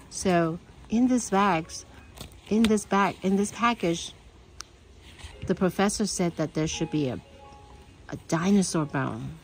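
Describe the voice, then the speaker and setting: A woman's voice: fairly low pitch, slow, pauses often, soft background music, rough recording. Woman reading a kids' book aloud. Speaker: storyteller. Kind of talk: children's book read-aloud.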